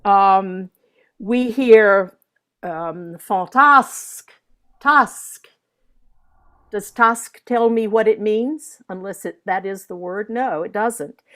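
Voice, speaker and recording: A woman's voice: medium pitch, takes it slowly. An older woman teaching a masterclass for singers, carefully sounding out French words syllable by syllable. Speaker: voice coach.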